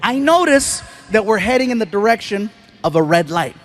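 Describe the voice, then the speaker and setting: A man doing a stand-up comedy routine on stage, telling stories in an animated way with loud bursts. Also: high voice, moderate pace. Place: stage before a live audience.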